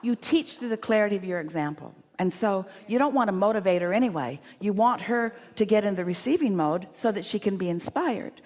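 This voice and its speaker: A woman giving an inspirational seminar talk, speaking as "we" in an emphatic, animated way while answering audience questions. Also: medium pitch, a little fast, few pauses, long reverb tail, muffled recording.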